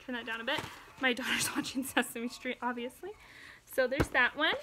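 Breathless high-voiced young mom vlogger. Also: female voice, steady tone, moderate pace. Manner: chatty, keeps breaking off to talk to her toddler. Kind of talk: casual show-and-tell chat. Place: at home with a TV on. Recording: home video with background noise.

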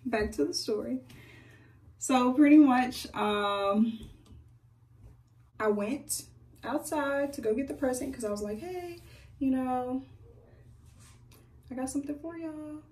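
A young woman, a beauty vlogger, chatting casually with viewers in an animated way as she tells a personal story during a hair routine at home. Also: high voice, slow, pauses often, far from the mic. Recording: echoey room, away from the mic.

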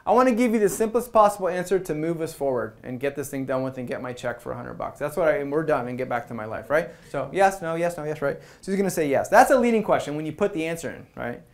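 A man giving a presentation at a meetup. He talks to the audience in a conversational, energetic way and acts out quoted lines. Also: fairly high pitch, quick pace, few pauses. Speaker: product management speaker.

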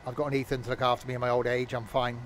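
A man's voice: mid-range voice, monotone, racing, noisy background. A man joking and rambling to himself while streaming a train game. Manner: rambling, jokey, mutters to himself. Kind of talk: casual gameplay commentary.

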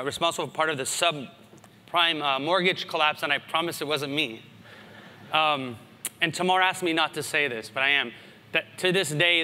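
A man in his thirties, from the United States, giving a conference keynote in an animated storytelling way with asides. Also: on the high side, clean tone. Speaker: conference speaker. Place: large conference hall. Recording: hall reverb.

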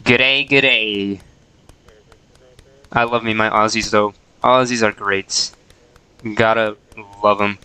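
Male streamer, playful, jokey play-by-play, clear, smooth voice. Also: lowish voice, fairly even intonation, slow pace, long pauses, pushed and bright, rough recording. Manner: playful, jokey, talks to the characters. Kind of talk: casual gameplay commentary.

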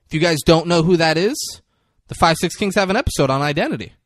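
A man with a somewhat high voice recaps a film in loose, profane podcast chat. He keeps breaking into quick impressions of the characters. The sound is close and dry, with no room around it. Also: animated, no echo. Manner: recaps scenes, acting out lines in quick impressions. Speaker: podcast co-host. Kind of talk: casual movie recap chat.

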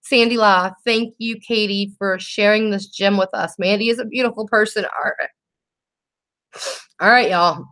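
A young woman hosting a casual makeup livestream, reading viewer comments aloud and talking in a warm, teary, laughing way. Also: medium pitch, steady tone, normal speed. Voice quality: emotional, teary and laughing, says y'all.

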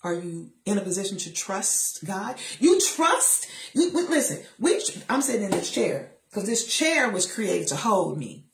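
A woman's voice: medium pitch, unhurried, hardly any pauses. Emphatic, sassy middle-aged woman, echoey room. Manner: emphatic and sassy, with lively asides. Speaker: motivational speaker. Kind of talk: faith-based motivational talk. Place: seated in a chair.

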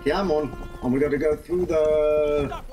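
A man's voice: on the high side, steady tone, measured pace, over music. A man casually commenting as he plays a game, rambling and narrating his own moves. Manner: rambling, self-narrating play. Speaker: gaming video host.

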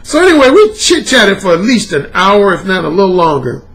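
A man with a high, very lively voice telling a personal story as a dating coach. His pitch swings widely as he talks. His delivery is profane and animated, with laughter breaking in. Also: fairly quick. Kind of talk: storytelling monologue.

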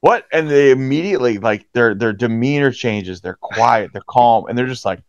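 At a normal speed and with no echo, a hockey referee from the Pittsburgh area, USA, chats in a casual interview, acting out what players said with big pitch jumps. The podcast recording is dry and slightly dull.

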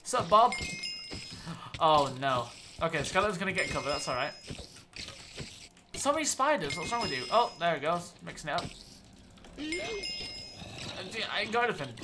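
Excitable woman streamer with a lively voice. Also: low-pitched, normal speed, pauses often, noisy background. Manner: excitable, panicky outbursts and swearing. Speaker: game streamer. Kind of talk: live gameplay commentary.

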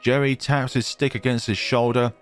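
A man's voice: mid-range voice, normal speed, soft background music. A man hosting a let's play, reading a horror visual novel aloud and breaking off for joking asides. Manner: lively, jumping between reading and joking asides. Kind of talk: dramatic story reading with asides.

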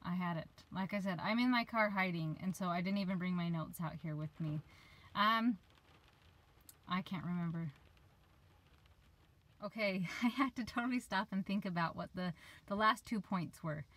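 A woman's voice: on the low side, normal speed, pauses often, fairly bright tone, low-quality recording. Woman in her 30s vlogging life tips from her parked van, chatty, kinda loses her train of thought. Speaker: life coach. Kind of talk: casual advice vlog. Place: parked van, rain outside.

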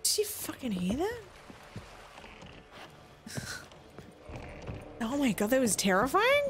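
A woman's voice: high voice, wildly swooping pitch, slow pace, background noise. A woman streaming a video game, joking, swearing freely and laughing often. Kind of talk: live gameplay commentary.

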